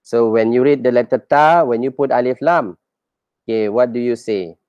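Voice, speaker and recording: This is a man at a middle pitch, teaching a reading lesson step by step. He repeats each sound patiently and checks his learners with quick questions. The recording is dry, with no room echo. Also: a little mellow, smooth, muffled recording. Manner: patient, repeats each example several times and quizzes learners.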